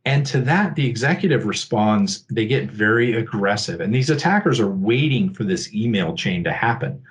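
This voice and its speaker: A man's voice: fairly low pitch, lively intonation, moderate pace. A man presenting a security awareness talk in a conversational, explanatory way, often checking in with his listeners. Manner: acts out scammer and victim lines in a livelier voice.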